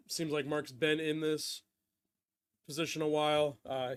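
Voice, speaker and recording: Laughing podcast host, higher male voice. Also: fairly bright tone. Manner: laughs often, recaps plot with loose asides. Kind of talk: casual chat.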